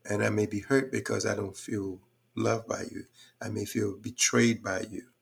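An older man, a podcast guest, talks reflectively and thoughtfully, with frequent fillers. His voice is fairly low, creaky and slightly rough, with fairly even intonation and a moderate pace.

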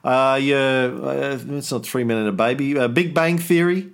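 A man's voice: medium pitch, normal speed, clean tone. A man co-hosting a casual chat, rambling with many fillers and asides. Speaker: podcast co-host.

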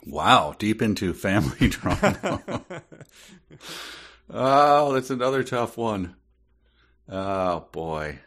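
Deep, slow, bemused male contestant. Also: very animated, a bit bright. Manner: bemused, laughing guesser. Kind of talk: casual chat.

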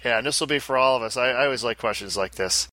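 A man's voice: mid-range voice, fast talker, sharp tone, dry recording. A man co-hosting a casual pinball podcast, joking and self-deprecating in loose banter. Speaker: podcast co-host.

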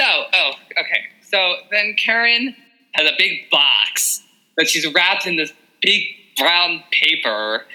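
Animated young woman with a bright voice. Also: fairly low pitch, rough recording. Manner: animated, laughing, full of filler likes. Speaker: podcast co-host. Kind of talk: casual chat.

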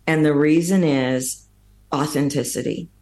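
A woman voice coach speaking as an interview guest, high-energy and dramatic in her delivery. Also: steady tone, unhurried, darkish tone. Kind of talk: interview conversation.

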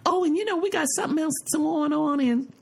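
A woman's voice: a little fast, vocal fry, a little mellow. A woman imitating her chatty older mother, teasingly coy, her voice lifted and lilting. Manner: lilting, raised pitch.

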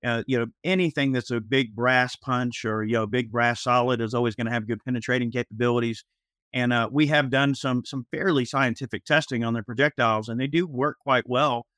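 A man co-hosting a casual panel show, explaining things at length in a measured, steady manner, padded with fillers. His voice sits at a middle pitch. The sound is dry and close to the mic. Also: no room sound. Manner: measured, drawn out with many "uh" and "you know". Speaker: podcast co-host.

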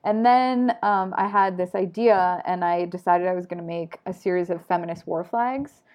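A woman guest on a podcast, telling lively stories about weaving with frequent laughs and casual swearing. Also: fairly low pitch, moderate pace. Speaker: podcast guest, textile artist. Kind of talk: casual storytelling chat.

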